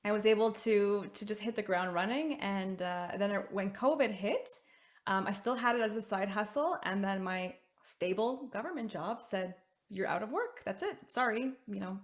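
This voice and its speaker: A woman guest on a podcast video call, telling her story in a lively way and acting out what people said. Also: mid-range voice, normal speed. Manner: lively storytelling, acts out quotes, laughs often. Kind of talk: casual video call chat.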